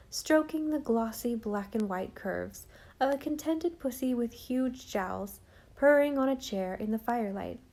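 A woman reading a novel aloud with calm, measured pacing. Her voice is mellow and warm, never sharp. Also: a little high. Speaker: audiobook narrator. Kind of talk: scripted narration.

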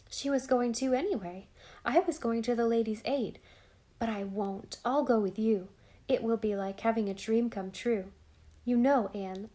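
A woman reading an audiobook aloud, narrating and voicing the dialogue in a gentle, expressive way. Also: on the high side.

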